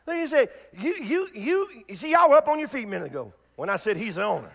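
A middle-aged man, a pastor preaching a sermon to a congregation, repeating phrases and shouting the climaxes. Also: extremely high pitch, big pitch swings, fast, gravelly, big-room sound. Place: church before a congregation.

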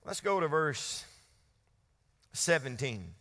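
A man preaching a Wednesday sermon, his high voice carrying over a congregation he calls on to answer him. His tone is bright and forceful, and a long reverb from the church hall trails each phrase. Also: sing-song, takes it slowly. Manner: preaching to a congregation, call-and-response. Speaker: pastor.

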